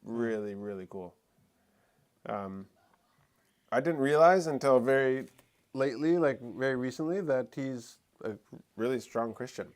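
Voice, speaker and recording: A man hosting a casual live stream who rambles and chats, restarting sentences and filling pauses with um and like. His voice sits at a middle pitch. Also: expressive. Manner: chatty, rambling, with many fillers and restarts. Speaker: co-host of a live talk stream. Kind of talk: casual chat.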